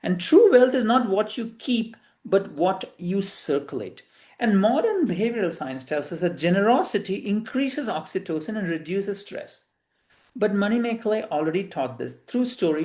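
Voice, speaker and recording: A man's voice: high voice, a little mellow. A man giving a lecture-style talk, earnest, with frequent fillers and self-corrections. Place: venue of a talk series.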